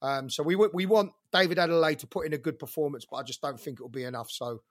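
Guy predicting a fight, fairly high voice, easygoing. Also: quick pace. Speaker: boxing pundit. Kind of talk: casual chat.

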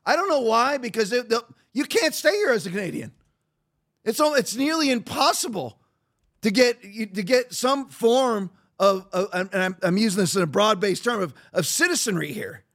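A man with a strikingly high-pitched voice hosts a podcast in an opinionated monologue. He is combative and mocking. He often restarts his sentences mid-thought. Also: animated, moderate pace, fairly bright tone. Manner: rambling with frequent restarts. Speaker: podcast host.

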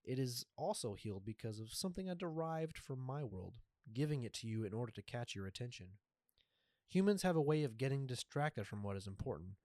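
A man doing a slow, sultry jaguar spirit. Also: mid-range voice, animated, no echo, studio quality, lightly acted. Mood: calm. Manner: slow, deliberate and soft-spoken.

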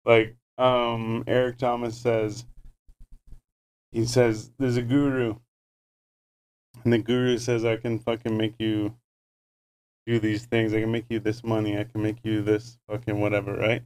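A man's voice: fairly low pitch, level tone, unhurried, long pauses, a little mellow. A man in casual chat, telling a story with lots of swearing and emphatic repeats.

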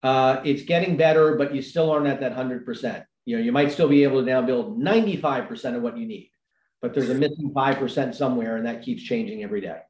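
A man who works as a building contractor, talking in a measured, halting way with a dry sarcastic streak. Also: medium pitch, a little mellow, roomy sound, poor audio. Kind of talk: casual panel conversation.

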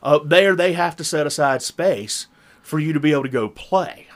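A man's voice: a little high, normal speed. A man with a Southern Virginia drawl, telling rambling stories in casual chat as a podcast co-host. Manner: rambling storyteller, chuckles often.

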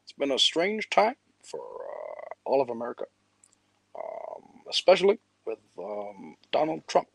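A man doing an impression of a calm male politician, speaking haltingly and pausing often. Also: mid-range voice, gravelly, husky, no echo, voice pushed down, full character voice. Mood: measured. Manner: halting, full of pauses.

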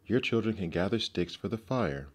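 A man with a low voice reading the lines of a cold, scheming stepmother in a storybook. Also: expressive, normal speed.

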